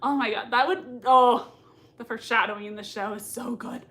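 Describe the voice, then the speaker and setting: Woman, high voice, excitable, giggly, casual livestream reaction chat, reading viewer comments. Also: a little fast. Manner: gushing and excitable, frequent laughter. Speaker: livestream host reacting to a TV episode.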